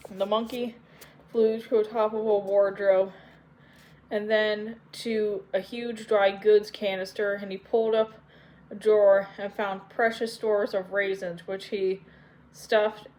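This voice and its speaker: A woman narrating an audiobook in a measured, unhurried way. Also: mid-range voice, level tone, darkish tone, rough recording. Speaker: audiobook reader.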